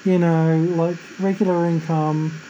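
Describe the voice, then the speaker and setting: Mellow, chatty woman podcast host. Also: fairly low pitch, little pitch movement, a little slow, highs cut off, a little hiss or hum. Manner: chatty and agreeing, lots of fillers like "you know". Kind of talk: casual faith podcast chat.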